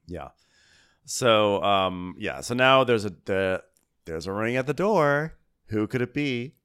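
A man's voice: takes it slowly, smooth. A man co-hosting a podcast, chatting casually and acting out quotes from a reality show. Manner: animated, acts out quotes in high voices. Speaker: podcast co-host.

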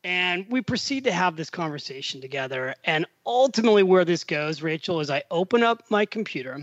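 A middle-aged American man as a podcast guest, telling a story with animated voiced-out quotes and frequent laughs. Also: high voice, brisk, no room sound, dull audio. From USA. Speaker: podcast guest, finance author. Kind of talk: casual storytelling interview.

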